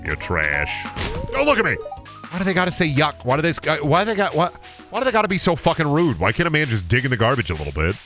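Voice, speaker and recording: A male streamer with a lively voice that leaps up and down in pitch, swearing his way through rambling, mock-dramatic rants. Game music plays clearly behind him as he talks to his chat. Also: racing. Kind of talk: casual gameplay commentary.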